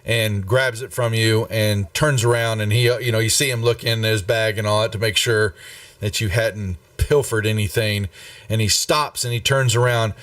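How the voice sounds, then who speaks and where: A man running a tabletop game as game master, narrating in an unhurried, rambling way with many fillers. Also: lowish voice, fairly even intonation, a bit bright, dry recording, distant mic.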